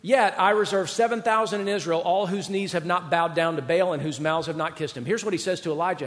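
A man preaching a sermon, swinging from loud emphasis to hushed near-whispers and acting out God's voice in paraphrase. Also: high voice, fairly quick, hardly any pauses, in a large hall. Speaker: pastor.

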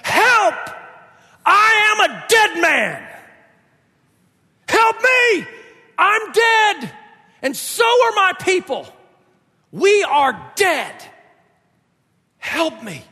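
A man's voice: very high voice, huge pitch swings, takes it slowly, few pauses, voice pushed up, exaggerated voice. A man voicing a terrified ancient male prophet, who cries out in panic. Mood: panicked. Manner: shouting in panic. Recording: long hall reverb.

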